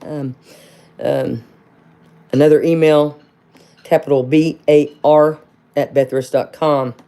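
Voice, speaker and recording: A woman's voice: sits low, steady tone, takes it slowly, dark tone. Woman, middle-aged, livestream host, casual, rambling, calls viewers honey, fired-up rhetorical questions.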